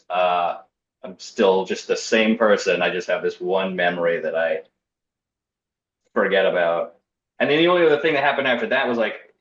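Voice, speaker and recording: A young man casually telling a personal story in a wry, self-deprecating way, acting out what people said. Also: fairly low pitch. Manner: wry, self-deprecating, acts out quoted voices. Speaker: storyteller guest. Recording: roomy, slightly dull podcast audio.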